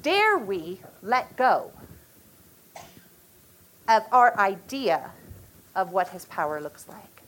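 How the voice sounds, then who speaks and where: A woman in her forties teaching at a church retreat, speaking earnestly with halting restarts and an emotional storytelling manner. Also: medium pitch, big pitch swings, a bit bright, rough recording.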